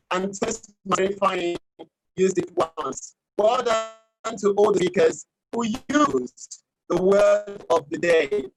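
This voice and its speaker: A woman giving a formal grammar and pronunciation report over a video call, speaking in a deliberate, pedantic, corrective way. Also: medium pitch, low-quality recording. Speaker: grammarian at a club meeting.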